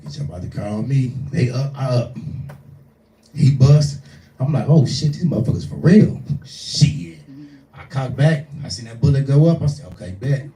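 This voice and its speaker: Foul-mouthed 40s guy doing standup, mellow voice, echoey room, mic kinda far off. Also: mid-range voice, normal speed. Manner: profane, animated, acts out voices in his stories. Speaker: stand-up comedian. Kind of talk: live stand-up storytelling. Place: small live venue.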